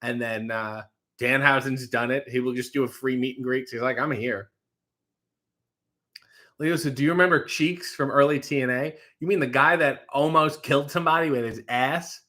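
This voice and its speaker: Casual streamer, male, reads chat with cursing asides; bright, forceful tone. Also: medium pitch, steady tone. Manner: swearing, quick asides, reads comments aloud. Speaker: livestream host reading chat. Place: home kitchen.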